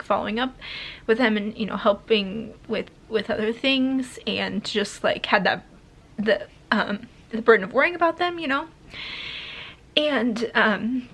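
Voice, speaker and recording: A woman's voice: medium pitch, fairly bright tone. A young woman vlogging a candid life update as a mom, talking in a rambling way full of fillers and restarts, emotional and close to tears at times.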